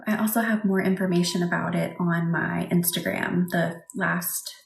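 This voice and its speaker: A woman leading a live Reiki session and chatting with viewers, speaking softly and reassuringly, sometimes dropping to a whisper. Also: lowish voice, fairly even intonation, normal speed, gravelly. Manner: soft, reassuring, often drops to a whisper. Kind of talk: livestream chat with viewers. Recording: echoey room with faint background noise.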